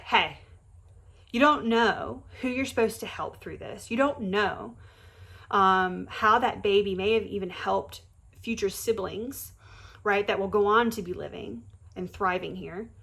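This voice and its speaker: A woman's voice: mid-range voice, animated, measured pace, fairly bright tone, slightly rough. A woman, talking earnestly and conversationally to her viewers about faith after pregnancy loss, with many fillers and restarts. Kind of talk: heartfelt direct-to-camera talk.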